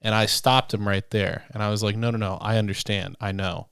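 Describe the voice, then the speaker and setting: A man's voice: fairly low pitch, flat delivery, fairly quick, creaky, fairly bright tone, clear, resonant tone, no echo, clean studio sound. A young man co-hosting a podcast, telling stories in casual chat and laughing often. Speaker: podcast co-host.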